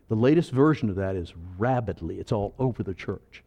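A man preaching a sermon as pastor, animated and acting out voices, moving between loud and soft. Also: fairly low pitch, fairly quick, lo-fi sound.

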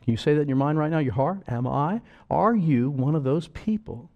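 Preaching man with sudden loud bursts. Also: fairly high pitch, brisk, phone-quality sound. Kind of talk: sermon.

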